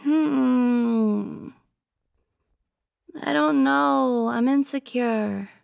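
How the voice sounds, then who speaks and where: A woman's voice: high voice, extremely slow, vocal fry, a little mellow, dry recording, clean studio sound, heavily acted. A young woman voicing a jealous, possessive girlfriend in an audio role-play, pouty and teasing, sometimes dropping to a whisper.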